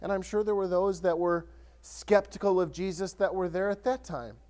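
A man preaching a sermon as pastor, conversational and animated, often restarting his sentences and acting out scripture. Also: high-pitched, moderate pace.

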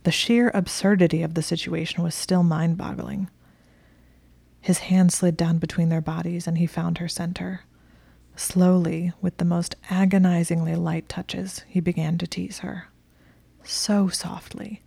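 Whispered role-play narrator: woman, low, flat, gravelly, dark and dry, hushed delivery. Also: dry recording. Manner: hushed, slow and breathy.

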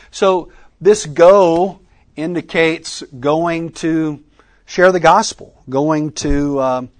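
Guy teaching a ministry workshop, kinda high voice, keeps asking the room questions. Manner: interactive, quizzing the audience with questions; Southern "y'all" in speech. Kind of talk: teaching session. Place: conference room with a live audience.

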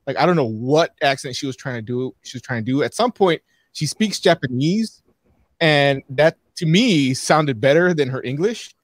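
A man's voice: a little high, lively intonation, normal speed, no echo. Rambling man on a podcast, dry close sound. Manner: rambling, hesitant, frequent fillers and restarts. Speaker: podcast co-host reviewing a film. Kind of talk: casual podcast chat.

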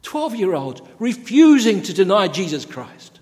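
A man's voice: high-pitched, sing-song, measured pace, a little mellow. A man preaching a sermon, earnest, building his points through repeated phrases. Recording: long hall reverb.

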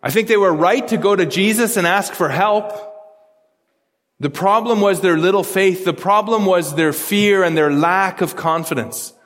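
A man's voice: high-pitched, normal speed, fairly bright tone, in a large hall. A male pastor preaching a sermon, earnest and explanatory, often repeating words as he works through a passage.

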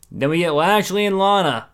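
A man talking through a wrestling episode in a casual, opinionated recap, often sounding exasperated. His voice sits a little high and comes across smooth and clear. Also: expressive, a little slow, fairly bright tone. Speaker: wrestling show reviewer.

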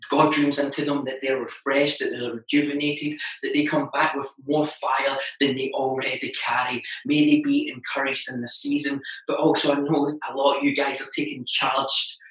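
A man's voice: mid-range voice, a bit bright, recorded from a distance. Echoey Scottish man preaching. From Scotland. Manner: joking, self-deprecating, Scottish words like wee. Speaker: guest pastor. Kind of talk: recorded sermon.

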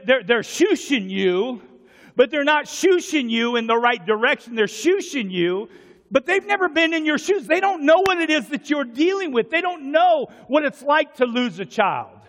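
High-pitched preaching man in a reverberant church. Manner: impassioned preaching, often shouting. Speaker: pastor. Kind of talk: sermon. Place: church sanctuary. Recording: church sanctuary with long reverb.

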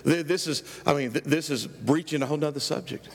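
A man's voice: a little high, quick pace, slight background noise. Emphatic preaching man in a reverberant church. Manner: emphatic preaching, rising loud on key phrases. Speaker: pastor. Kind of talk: sermon. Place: church sanctuary. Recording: church hall with long reverb.

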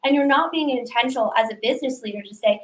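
A woman speaks as a guest in a business conversation, explaining her ideas with confidence. Her voice is a little higher than usual, and the room around her has a clear echo. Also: quick pace. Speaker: guest, digital transformation consultant. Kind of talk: casual business chat.

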